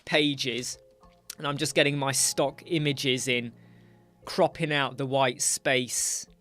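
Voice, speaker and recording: A man's voice: medium pitch, fairly even intonation, slow pace, bright, forceful tone, soft background music. A man, chatting casually on a livestream while he works, ranting about clients. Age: 40s. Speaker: web designer livestream host.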